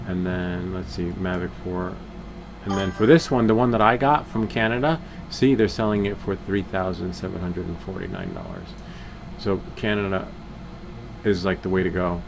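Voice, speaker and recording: A man's voice: low voice, vocal fry, noisy background. A man casually walking viewers through a screen-share tech video, chatty and rambling as he clicks along. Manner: rambling, chatty, laughs at his own stories.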